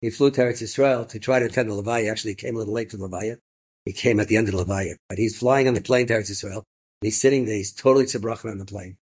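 Husky-voiced rabbi telling stories. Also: male voice, on the low side, rapid-fire. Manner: animated, rises to excited emphasis. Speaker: rabbi and storyteller. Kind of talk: inspirational storytelling talk.

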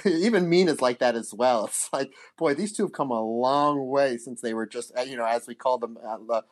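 A man hosting a podcast, chatting casually and animatedly, acting out bits of dialogue. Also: medium pitch. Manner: fast, animated, acts out quoted dialogue. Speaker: podcast host.

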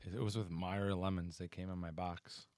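A man's voice: deep voice, level tone, moderate pace, a little mellow, slight background noise. A man co-hosting a podcast, chatting in a laid-back way with short remarks. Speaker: podcast co-host. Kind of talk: casual chat.

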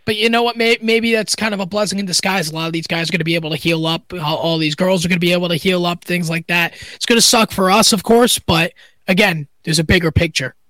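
High-voiced easygoing male co-host. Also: fast talker, pushed and bright, no room sound. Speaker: podcast co-host. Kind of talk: casual chat. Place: home during quarantine.

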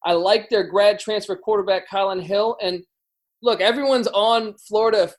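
A man with a notably high voice joins a betting podcast as a guest over a video call. He talks through his picks in a casual, rambling way, often restarting his sentences. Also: steady tone, normal speed, poor audio. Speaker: guest handicapper. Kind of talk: casual sports betting chat.

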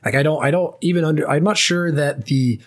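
A man's voice: fairly high pitch, fairly quick. A man in his late twenties, a former ballplayer, telling his story casually as an interview guest, loose and chatty with many fillers. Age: late 20s.

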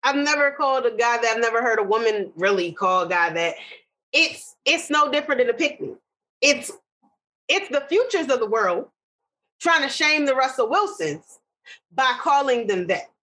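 A woman's voice: a little high, expressive, moderate pace, pushed and bright, low-quality recording. A woman co-hosting a podcast, ranting bluntly in casual slangy chat. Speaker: podcast co-host.

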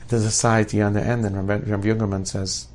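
A middle-aged man telling a story in an animated, lively way. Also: fairly low pitch, fairly quick, a little hiss or hum. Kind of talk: oral storytelling.

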